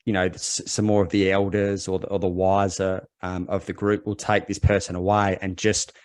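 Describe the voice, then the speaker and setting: A man speaking as a podcast guest, thoughtful and halting, searching for words as he reflects. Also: deep voice, flat delivery, darkish tone, no echo. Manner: thoughtful, halting, many fillers and restarts. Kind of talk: reflective conversational interview.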